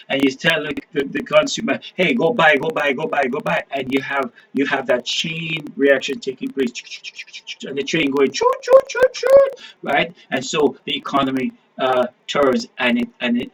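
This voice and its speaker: A man's voice: medium pitch, breathy edge, low-quality recording. A man hosting his own channel, talking casually to viewers in a rambling monologue, full of restarts and emphatic repeated phrases. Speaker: online preacher and channel host.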